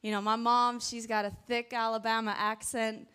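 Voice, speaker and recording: A woman from the South, preaching to a church congregation in a chatty, animated storytelling way with many asides, speaking into a handheld microphone. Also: on the high side, normal speed, clear, resonant tone. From American South. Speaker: guest preacher. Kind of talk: storytelling sermon. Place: church sanctuary before a congregation.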